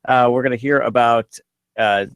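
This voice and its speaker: A man's voice: mid-range voice, fairly even intonation, normal speed, clear, resonant tone, dry recording, lo-fi sound. A man with a Midwestern American accent hosting a casual, upbeat radio show and reading news stories aloud. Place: radio studio. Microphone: studio microphone.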